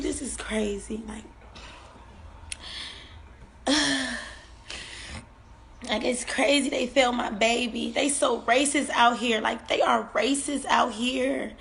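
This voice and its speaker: A woman with a high voice speaks through near tears. She tells her story in halting bursts, repeating phrases and letting sentences trail away, with the raw grief of a mother's personal testimony. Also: creaky, a bit bright. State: tearful, on the verge of crying. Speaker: bereaved mother.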